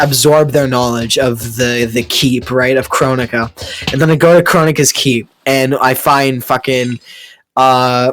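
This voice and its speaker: A man's voice: mid-range voice, a bit bright, slight background noise. A young man improvising a crude tall tale late at night in a rambling way, full of fillers and restarts, on a computer mic during a game recording. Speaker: friend telling a story.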